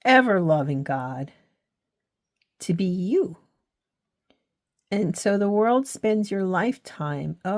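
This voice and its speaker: A middle-aged woman hosting a faith and journaling channel, talking to camera in an earnest, frank way with frequent restarts. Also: deep voice. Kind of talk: casual talk to camera.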